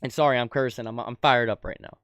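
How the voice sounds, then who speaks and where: This is a fast, steady-toned political rant from a young adult male commentator, full of anger and swearing, veering from shouts to mutters. The audio is clean studio quality without echo.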